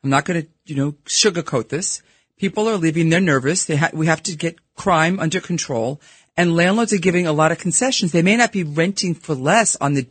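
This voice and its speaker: Brooklyn woman, middle-aged, blunt, husky, dry studio mic. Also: fairly low pitch, dry recording. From New York. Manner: blunt, fast-talking, frank. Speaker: podcast host and real estate broker, guest. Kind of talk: casual radio interview. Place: radio studio. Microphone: studio microphone.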